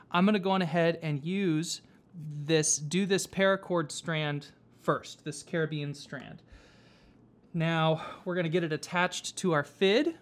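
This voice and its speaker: A man teaching whipmaking, explaining each step patiently with frequent pauses and fillers. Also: sits high. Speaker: whipmaking instructor. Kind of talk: hands-on craft tutorial. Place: workshop.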